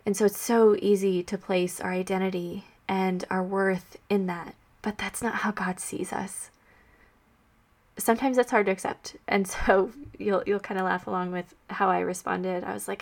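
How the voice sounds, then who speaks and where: A young woman hosting a Catholic podcast, sharing her faith in a heartfelt, soft-spoken way, often dropping to a hushed near-whisper and tearful at times. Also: medium pitch, fairly even intonation, moderate pace, creaky.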